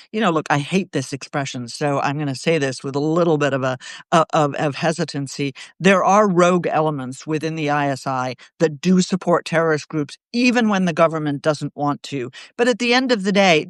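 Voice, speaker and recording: Woman co-commentator, sarcastic, animated, jokey asides, dry close sound, video call. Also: deep voice, dry recording. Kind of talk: casual political commentary.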